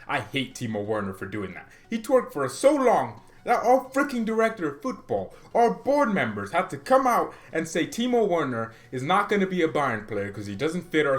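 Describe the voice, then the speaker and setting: A man hosting a football fan channel, talking in a casual, joking vlog style and mocking rival clubs. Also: mid-range voice.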